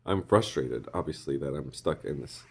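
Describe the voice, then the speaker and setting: Very deep, gravelly-voiced man rambling. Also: expressive, moderate pace. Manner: rambling, with throat clearing and laughs. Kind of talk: rambling monologue.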